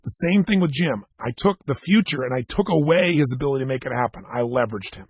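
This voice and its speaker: A man speaking at a self-help seminar, telling stories emphatically and talking straight to his listeners in a gravelly, husky voice. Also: medium pitch, lively intonation, fast talker, background noise. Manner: emphatic storytelling, direct address to listeners.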